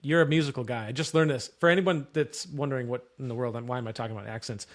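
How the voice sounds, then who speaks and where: A laid-back man co-hosting a podcast, asking curious questions in relaxed casual chat. His pitch sits in the average range. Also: rapid-fire. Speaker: podcast co-host.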